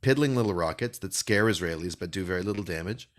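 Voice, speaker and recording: A man co-hosting a political podcast in a fairly low voice. He speaks passionately and articulately, repeating words as he builds momentum. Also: animated, quick pace. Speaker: podcast co-host. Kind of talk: casual political podcast chat.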